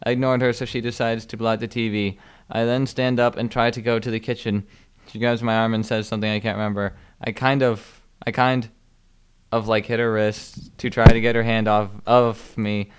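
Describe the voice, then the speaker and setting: Deadpan young man reading aloud. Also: medium pitch, moderate pace, smooth. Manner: deadpan reading, mock-urgent. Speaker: host. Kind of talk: comedy podcast.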